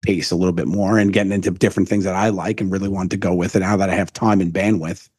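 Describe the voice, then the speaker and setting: A middle-aged man with a low, husky voice tells stories at a quick clip, acting out the lines of the people in them. The sound is dry and close, with no room around it. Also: no room sound. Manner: fast, animated storyteller who acts out quotes. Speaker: comedian guest. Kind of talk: casual interview storytelling.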